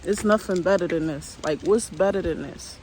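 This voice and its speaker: High-voiced man vlogging on a park trail. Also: moderate pace, a little hiss or hum, poor audio. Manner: relaxed, rambling, repeats "like" often. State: a little out of breath on hills. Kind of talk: casual walking vlog. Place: outdoors in a park on a hiking trail.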